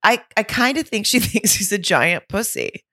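A woman's voice: mid-range voice, sing-song, normal speed, bright, forceful tone, dry recording, studio quality. A woman co-hosting a podcast, chatting and laughing casually while recapping a reality TV show. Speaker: podcast co-host.

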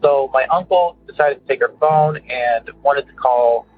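A man's voice: mid-range voice, a little slow. A man from Illinois calling into a radio show, telling a story in a rambling way full of "uh" and "anyways". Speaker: caller. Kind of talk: casual storytelling. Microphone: telephone. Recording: tinny phone line with faint music.

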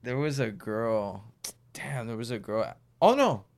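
A man's voice: medium pitch, expressive, unhurried, creaky, a crowd in the background. A man co-hosting a casual group podcast, bluntly arguing his side. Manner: blunt, argues it's just their job. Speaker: podcast co-host.

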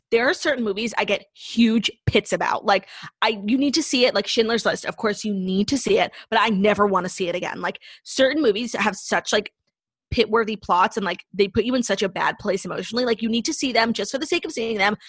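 A young woman co-hosting a podcast in casual chat, talking with lots of "like" and telling stories in an animated way. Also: mid-range voice, breathy edge, dry recording. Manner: chatty, lots of "like", animated storytelling. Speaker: podcast co-host.

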